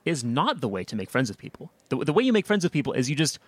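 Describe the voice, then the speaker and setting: A man's voice: medium pitch, sing-song, quick pace, no room sound. Rambling young American man, dry sound. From United States. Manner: rambling, many fillers and restarts. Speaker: podcast host. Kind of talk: casual chat.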